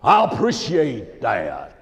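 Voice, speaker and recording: A man doing a slow, drawling old country preacher. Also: mid-range voice, wildly swooping pitch, creaky, voice pushed down, exaggerated voice. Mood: gently probing. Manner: drawn-out, exaggerated slow delivery. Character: elderly small-town preacher, slow and gentle. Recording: echoey hall.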